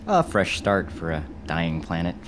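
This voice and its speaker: An actor playing a scheming, ruthless commander who gloats calmly over his plans. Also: sits low, measured pace, background noise. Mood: smug. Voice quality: smug, gloating.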